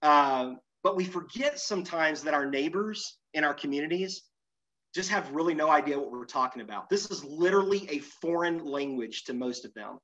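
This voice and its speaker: A middle-aged man giving a lively, self-deprecating conference presentation, moving around as he speaks. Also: a little high. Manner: animated, self-deprecating, moves around while talking. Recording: muffled, lo-fi sound.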